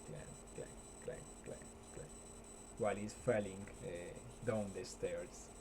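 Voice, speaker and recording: A man casually retelling a film scene, halting often with fillers and restarts. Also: on the low side, noisy background. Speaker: storyteller.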